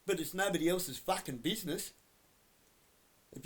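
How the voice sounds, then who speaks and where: A man giving a blunt, heavily profane rant to camera that keeps flaring into shouting. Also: on the high side, normal speed. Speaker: vlogger.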